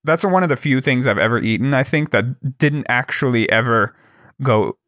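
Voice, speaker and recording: A man's voice: mid-range voice, lively intonation, moderate pace, fairly bright tone, no echo, clean studio sound. A young man from Wyoming, co-hosting a podcast and telling stories in casual chat, rambling with many fillers and restarts. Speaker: podcast co-host.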